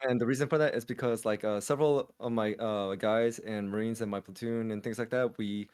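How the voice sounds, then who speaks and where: A man's voice: on the low side, steady tone, fairly quick, a little mellow, clean tone. A man co-hosting a podcast, telling a long story in casual chat with many fillers and restarts. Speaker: podcast co-host.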